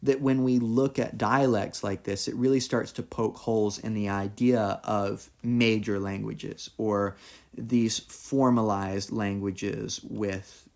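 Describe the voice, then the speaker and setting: A man with a fairly low voice talks through a philosophy lecture on his own. He explains in a loose, conversational way, with the odd "you know" and "like". Now and then he reads quoted passages aloud. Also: fairly even intonation, takes it slowly, gravelly, a little mellow. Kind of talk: recorded solo lecture.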